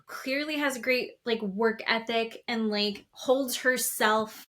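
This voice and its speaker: Woman, podcast co-host, casual chat, fairly high voice, animated retelling. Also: slow pace. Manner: chatty, animated retelling with quoted asides. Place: office.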